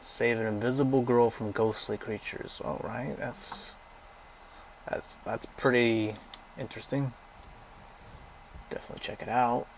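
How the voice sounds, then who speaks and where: Young man, gaming vlog chat, rambling, swears a lot, blunt opinions, mid-pitched voice, faint background hiss. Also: steady tone, a little slow, long pauses. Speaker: gaming vlogger. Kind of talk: casual commentary browsing a game library.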